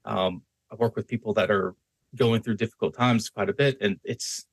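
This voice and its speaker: A man's voice: fairly low pitch, fairly even intonation, moderate pace, slightly rough, dry recording. A man hosting a podcast, explaining voice and persuasion in a conversational way and shifting his tone to demonstrate points. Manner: conversational, varies his tone to demonstrate, frequent restarts and "right?" checks. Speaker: podcast host. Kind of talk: instructional talk on voice and persuasion.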